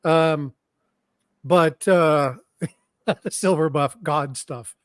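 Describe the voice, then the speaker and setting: A man hosts a live stream chat, laughing easily and reacting to comments as they come in. His voice sits a little high and he speaks slowly, recorded close and dry with no room sound. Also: no room sound. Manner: giggly, laughs often, reads chat comments.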